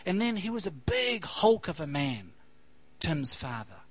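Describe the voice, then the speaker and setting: A man's voice: fairly high pitch, very animated, a little slow, breathy edge, no room sound, poor audio. A man preaching a sermon, telling a story in a rambling, anecdotal way with many fillers. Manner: rambling anecdotal delivery with fillers, softening to a hush at the close. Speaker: pastor.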